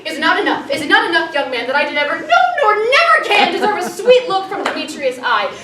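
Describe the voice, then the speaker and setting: Brief: student actress as wounded lovesick maiden, very high, distant roomy stage sound. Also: female voice, sing-song, fast talker, noisy background. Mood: hurt. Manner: pleading, wounded verse delivery. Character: young woman Helena, lovesick and hurt. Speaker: student actor. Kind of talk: school stage performance of verse. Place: theatre workshop room. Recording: echoey room, from far off.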